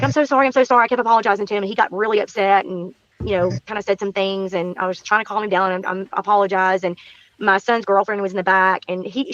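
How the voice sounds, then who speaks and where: This woman's voice is medium-pitched, with no echo and dull audio. As a guest, she animatedly recounts a neighborhood encounter in casual talk, acting out people's words and repeating phrases to stress them.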